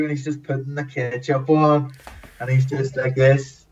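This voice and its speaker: A man telling lively, profane stories as a podcast guest, acting out the people in them. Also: medium pitch, normal speed, distant mic, highs cut off. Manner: animated, swears often, acts out quotes. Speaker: guest, former TV extra. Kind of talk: casual storytelling.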